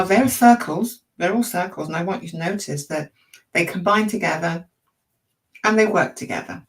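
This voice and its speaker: A woman coaching an online audience in a chatty, encouraging way, with a croaky throat and lots of rhetorical questions. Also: fairly low pitch, recorded from a distance, low-quality recording. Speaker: emotional intelligence coach. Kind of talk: informal teaching talk to an online audience.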